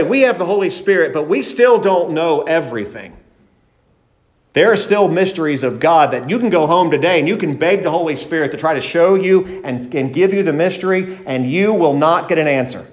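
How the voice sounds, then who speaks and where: A pastor delivers an emphatic sermon in a fairly high male voice. He slows down to stress words and lifts his voice when acting out quoted speech. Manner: emphatic preaching, acts out quoted disciples in a raised voice.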